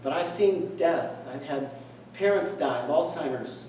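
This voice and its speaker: A middle-aged man tells a personal story to a meeting in an earnest, reflective way, slipping into the voices of the people in it. His voice sits a little high for a man. He is heard from some distance in a very echoey hall, with faint room noise behind him. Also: measured pace, a little mellow. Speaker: speaker. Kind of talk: storytelling speech.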